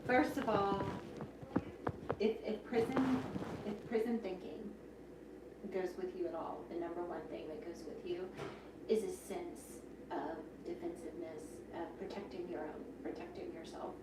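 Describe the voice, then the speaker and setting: A woman's voice: lowish voice, unhurried, far from the mic. A woman who was a prison chaplain, speaking earnestly and reflectively as a counselor. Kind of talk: counseling conversation. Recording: very echoey room from afar, audible noise.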